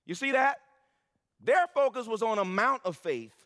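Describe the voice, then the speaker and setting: A man's voice: extremely high pitch, big pitch swings, moderate pace, a bit bright, in a large hall. A man preaching a sermon as pastor, building to emphatic, repeated lines.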